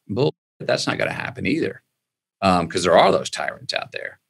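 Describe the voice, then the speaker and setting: A man speaking as a guest in an interview, animated and emphatic, acting out the voices of people he quotes. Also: deep voice, a little fast, creaky. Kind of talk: conversational interview.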